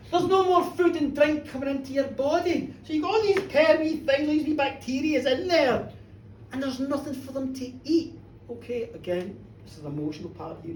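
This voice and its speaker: A middle-aged woman telling a comic folk tale live, cheeky and animated, chatting with her audience. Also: sits high. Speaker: storyteller. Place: pub bar, live show. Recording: roomy pub, from a distance, faint room noise.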